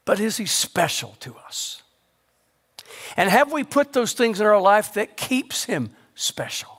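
A man with a high-pitched voice preaches to his congregation. He asks question after question and drops into a quiet hush on his key words. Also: big pitch swings, measured pace. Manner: rhetorical questions, sudden drops to a low hush for emphasis. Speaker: pastor. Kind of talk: sermon.

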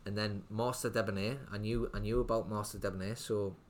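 A man's voice: lowish voice, fairly even intonation, a little fast, a little hiss or hum. A young man, a restaurant owner telling his story in a casual interview, rambling with lots of fillers and restarts. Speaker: restaurant owner, podcast guest.

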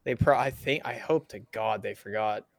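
A man's voice: on the low side, moderate pace, gravelly, dry recording. A podcast co-host in casual chat, laid-back and joking with his friends.

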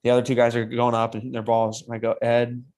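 Young male co-host, casual storyteller, lively with laughs, mid pitch. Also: fast. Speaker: podcast co-host.

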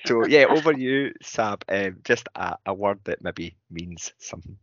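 A man co-hosting a podcast, talking in a relaxed, rambling way. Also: on the low side, a little slow, dry recording. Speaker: podcast co-host. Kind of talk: casual podcast chat. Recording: dull lo-fi sound.

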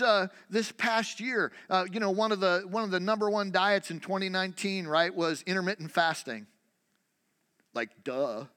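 A man with a high, bright voice preaches, throwing rhetorical questions at his congregation. His sermon rings out in a church hall with a long reverb. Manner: conversational preaching, rhetorical questions, repeated restarts. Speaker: pastor.

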